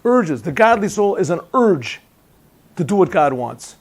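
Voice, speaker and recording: Rabbi guy lecturing to students, kinda gravelly, a bit higher voice, cracks jokes. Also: big pitch swings, moderate pace. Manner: conversational, asks listeners questions, tells jokes. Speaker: rabbi teaching a yeshiva class. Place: yeshiva classroom.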